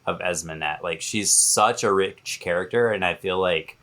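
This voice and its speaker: A man's voice: low voice, moderate pace, bright, forceful tone. A man in a casual book discussion, agreeing enthusiastically and rambling a little.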